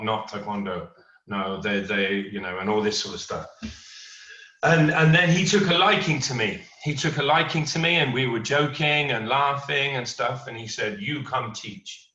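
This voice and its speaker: A middle-aged man teaches a martial arts class, switching between lively storytelling and step-by-step instruction. His voice is bright and carries, but it was captured from a distance in a roomy, echoing space with a dull, lo-fi sound. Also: medium pitch. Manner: storytelling, animated quoting of others.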